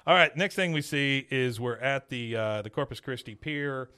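A man's voice: mid-range voice, moderate pace, clean tone. A man casually recapping an episode and acting out the lines he quotes. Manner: animated retelling, acts out quotes. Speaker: podcast co-host.

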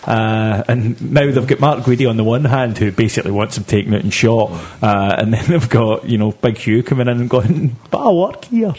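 A man's voice: fairly low pitch, fairly quick, hardly any pauses, a little mellow, breathy edge. A man hosting a casual football podcast, joking and teasing his co-hosts and laughing often. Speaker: podcast host.

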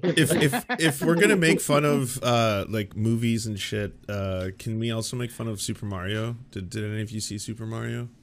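A man on a podcast panel, chatting casually and retelling things with animated energy and frequent laughter. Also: on the low side, moderate pace, few pauses. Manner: animated storyteller, laughs often.

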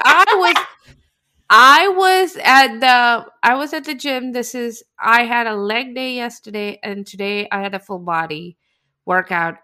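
A woman from India, co-hosting a podcast and telling stories in animated, casual chat, often laughing as she talks. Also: on the high side. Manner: animated storytelling, laughs while talking. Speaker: podcast co-host.

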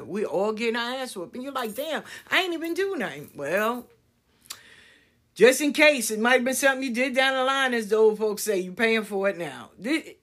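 A woman speaking her mind in a casual monologue, blunt and profane, acting out other people's lines as she goes. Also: medium pitch. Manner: blunt, profane, animated storytelling with acted-out quotes.

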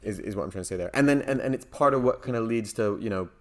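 A man's voice: on the low side, quick pace. A man co-hosting a casual podcast discussion, thinking aloud with many hedges and fillers. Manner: thoughtful, hedging, frequent "like" and "um". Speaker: podcast co-host.

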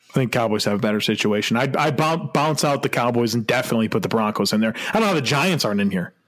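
A man's voice: mid-range voice, expressive, fast talker, a bit bright. A man co-hosting a casual sports podcast, chatting about football with frequent laughter and hesitant restarts. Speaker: podcast co-host.

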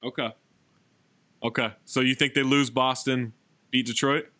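A man co-hosting a sports podcast in casual chat, animated and getting loud when excited. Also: mid-range voice, measured pace, dry recording, clean studio sound. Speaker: podcast co-host.

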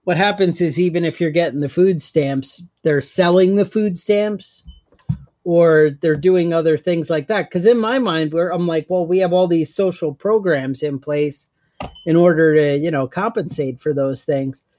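A man with a slightly high voice, chatting casually on a podcast. He rambles through stories and laughs easily. The sound is dry and close, with no room echo. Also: moderate pace, a little mellow. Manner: rambling storyteller, laughs often. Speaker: podcast co-host. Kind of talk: casual chat.

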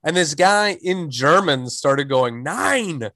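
A man tells stand-up stories in a loose, rambling way, full of fillers and false starts. His voice sits a little high for a man. The sound is dry and close, with no room echo. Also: moderate pace, a bit bright. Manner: rambling, many likes and restarts. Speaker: stand-up comedian guest. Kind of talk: casual storytelling chat.

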